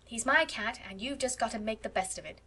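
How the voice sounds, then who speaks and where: A woman reading aloud and voicing an earnest, imaginative young woman student who speaks in an expressive way, in an audiobook. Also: a little high, a little fast, husky, recorded from a distance. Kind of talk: audiobook character voice.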